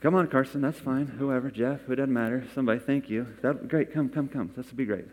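Pastor preaching in a reverberant hall. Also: male voice, mid-range voice, a little fast, darkish tone. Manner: conversational, coaxing volunteers. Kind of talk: sermon with scripture reading. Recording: long reverb from a large hall.

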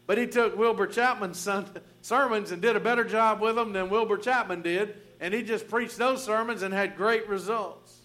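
A man preaching a storytelling sermon with a noticeably high voice. He speaks conversationally, restarting phrases and leaning on "and, uh" as he goes. Now and then he chuckles at his own story. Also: fairly even intonation, moderate pace, few pauses, fairly bright tone. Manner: conversational, many restarts and fillers.

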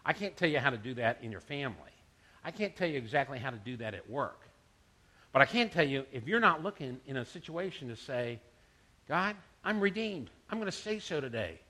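A man's voice: medium pitch, animated, fairly quick, sharp tone. A middle-aged man, a pastor, preaching a conversational sermon and mixing scripture with personal stories.

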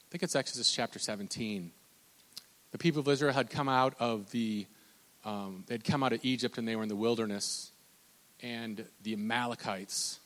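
Man, pastor preaching, forceful bright voice, restarts and repeats words, long hall echo. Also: mid-range voice. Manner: impassioned, repetitive, with frequent restarts and stammered repeats. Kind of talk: sermon.

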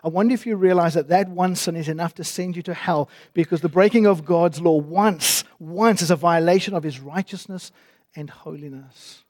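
High-voiced preacher asking rhetorical questions. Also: male voice, normal speed, a little mellow. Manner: emphatic, asks rhetorical questions. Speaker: pastor. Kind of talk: sermon.

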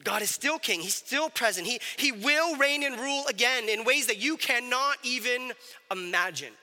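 A man with a high, ringing voice delivers a sermon in a relaxed, conversational way, checking in with the room as he goes. His voice is very bright and cutting. A long hall reverb trails each phrase. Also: normal speed. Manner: conversational, animated, asks the audience questions. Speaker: pastor.

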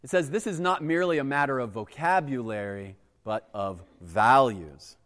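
Man, pastor, casual sermon, conversational, lively swooping pitch. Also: moderate pace, big-room sound. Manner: animated, conversational, acts out exasperated voices.

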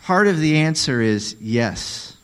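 A man's voice: on the high side, animated, slow, low-quality recording. A man preaching a sermon in a conversational, emphatic way, often asking the congregation questions. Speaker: pastor.

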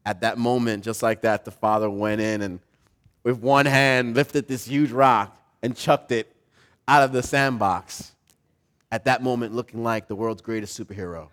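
A pastor preaching a sermon, telling a story with animation and putting questions to the congregation. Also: male voice, mid-range voice, fairly even intonation, normal speed, a bit bright.

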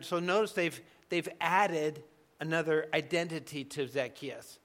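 A man preaching a sermon in a conversational, emphatic way, dropping to soft asides now and then. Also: a little high, fairly even intonation, normal speed. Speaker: pastor.

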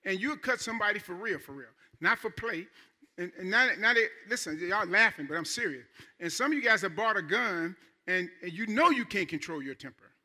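Pastor, male, high and ringing voice, chatty sermon that builds to loud emphasis. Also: expressive, brisk. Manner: conversational preaching, rising to emphatic.

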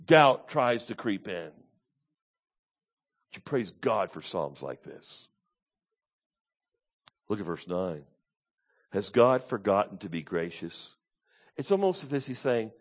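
A man preaching a sermon, drops to low, quiet asides, then rises to loud, high, pleading tones as he voices the psalmist. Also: very animated, slow, pauses often. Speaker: pastor.

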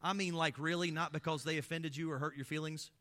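A man delivers a sermon as a pastor, his voice sitting a bit high with a sharp, bright edge. He preaches with passion and fires off rhetorical questions. His loudness rises for emphasis, then drops into hushed, low passages. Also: steady tone, quick pace. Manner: impassioned, full of rhetorical questions, swelling and dropping in loudness.

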